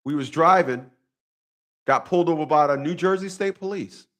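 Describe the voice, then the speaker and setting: A man's voice: fairly high pitch, moderate pace, fairly bright tone. A man talking straight to his viewers in a casual monologue, profane and repetitive, with a preachy storytelling manner. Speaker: vlogger.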